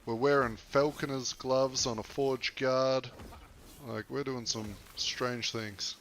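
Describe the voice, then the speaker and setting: A man's voice: medium pitch, little pitch movement, takes it slowly, a bit bright, slight background noise. Laid-back Australian man streaming games. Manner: chatty, loose and laid-back, swears casually. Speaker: game streamer. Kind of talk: casual livestream gaming commentary.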